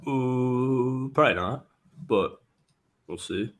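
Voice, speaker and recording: A man's voice: medium pitch, takes it slowly. A man co-hosting a basketball talk show, casual and laid-back, often stumbling and restarting his sentences.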